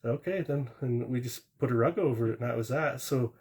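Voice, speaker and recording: A man's voice: medium pitch, fairly quick, a little mellow. A man calling into a live stream and telling a true ghost story in a rambling, plain-spoken way, with small restarts and asides. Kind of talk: casual storytelling.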